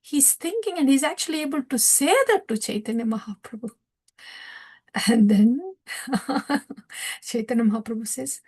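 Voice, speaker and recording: A woman giving a scripture class who tells a story in a soft voice, often sinking to a breathy near-whisper. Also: sits high, normal speed, pauses often. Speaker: scripture teacher.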